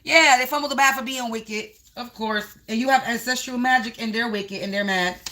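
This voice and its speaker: Female tarot reader on a livestream; high-pitched, bright tone, repetitive rhyming delivery aimed at the collective. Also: moderate pace. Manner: repetitive, half-rhyming, talks to the viewers as the collective.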